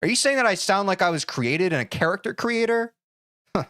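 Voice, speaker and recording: A man's voice: high voice, lively intonation, a little fast, sharp tone, no room sound, studio quality. A man chatting casually on a live stream, reacting to chat in a jokey, self-deprecating way.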